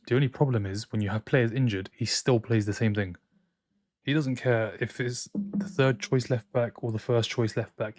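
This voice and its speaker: A man's voice: medium pitch, darkish tone, no echo. Young male streamer, opinionated and chatty, answers chat as he goes, dry close mic. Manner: reads out and answers viewer chat, opinionated banter. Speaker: football watchalong streamer. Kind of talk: casual live-stream chat. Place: home streaming room in France.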